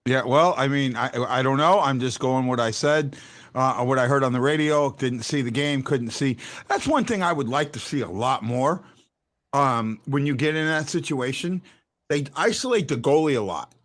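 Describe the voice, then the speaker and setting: A man's voice: medium pitch, expressive, moderate pace, fairly bright tone. A man hosting a casual postgame sports talk show, often restarting his sentences and stressing his points hard. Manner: stammering restarts, emphatic when arguing a point.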